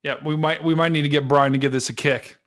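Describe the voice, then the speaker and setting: Excitable man hosting a storm stream. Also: fairly high pitch, fast. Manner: excitable, chatty, talks to chat directly. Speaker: livestream weather host. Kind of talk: live storm-tracking stream commentary.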